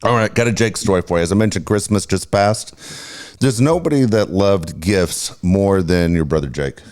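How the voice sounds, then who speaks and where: A man's voice: sits low, normal speed, a little mellow. A man in his fifties chatting casually, telling stories animatedly and acting out both sides of his phone calls. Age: 50s. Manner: swears freely. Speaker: podcast co-host. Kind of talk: casual storytelling chat.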